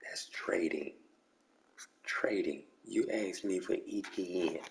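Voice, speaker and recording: Deep-voiced and taking it slowly, a man hangs out with friends over an online game league. He speaks in slang, repeating "bro" and "come on" over and over.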